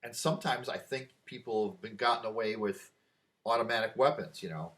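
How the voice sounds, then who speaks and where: A man's voice: medium pitch, expressive, a little fast. An older man vlogging a rambling opinion monologue, drifting off on asides and growing emphatic when he argues a point. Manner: easily distracted, wandering asides.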